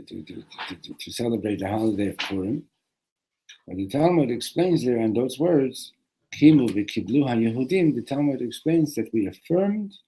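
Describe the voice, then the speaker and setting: A man teaching a classroom lesson on a religious text, animated, often restarting and repeating words. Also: mid-range voice, husky, low-quality recording.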